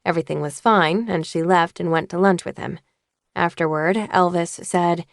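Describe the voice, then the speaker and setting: Woman, audiobook narrator, measured even reading, gravelly fry, dry close sound. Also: lowish voice, dry recording.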